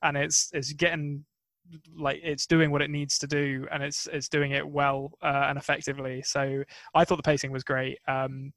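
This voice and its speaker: A man's voice: on the high side, flat delivery, normal speed, a bit bright, dry recording. A man co-hosting a casual podcast, enthusiastic and rambling, often laughing. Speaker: podcast co-host. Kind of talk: casual chat.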